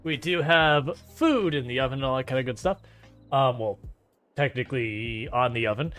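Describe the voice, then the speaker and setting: A man's voice: medium pitch, moderate pace, a bit bright, faint music behind. A man chatting casually while streaming a farming game, rambling, joking and laughing often. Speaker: gaming streamer. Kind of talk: casual gameplay commentary.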